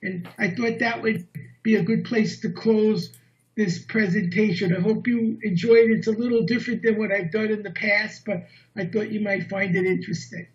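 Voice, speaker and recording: Un orador con voz muy aguda que narra una historia con entusiasmo y seriedad; audio de reunión en línea, apagado y de baja fidelidad. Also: male voice, high voice, normal speed. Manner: animated, earnest storytelling. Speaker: guest speaker. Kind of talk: storytelling talk. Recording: dull lo-fi online meeting audio.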